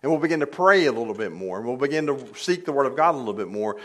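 In a church sanctuary, an older preacher talks through his sermon conversationally, with touches of humor and emphatic surges on key points. He speaks very fast in a mid-range voice with lively intonation.

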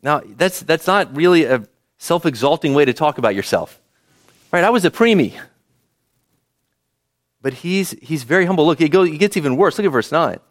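Man, pastor, sermon, conversational, high voice, lively pitch. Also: normal speed, pauses often. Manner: lively, conversational, asks the congregation questions.

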